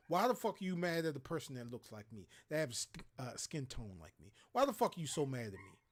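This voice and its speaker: A man's voice: medium pitch, very animated, quick pace, hardly any pauses. A man hosting a livestream, ranting in a heated, profane, preachy way. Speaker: show host. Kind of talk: impassioned livestream rant.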